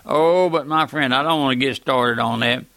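An older man from the American South preaching a fiery radio sermon, an old-time preacher who keeps saying "my friend" and swings from thundering to quiet. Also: medium pitch, normal speed, no echo.

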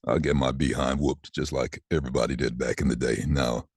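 A man in his sixties who is a voiceover artist, telling lively stories about his life in a relaxed interview. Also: rumbling low, brisk, breathy edge, no echo, studio quality. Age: 60s. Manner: chatty, animated anecdotes with laughs. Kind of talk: casual storytelling interview.

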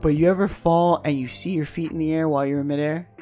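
A man co-hosting a podcast, telling a profane, animated story in casual chat and acting out the voices. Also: on the high side, fast, faint music behind. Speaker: podcast co-host.

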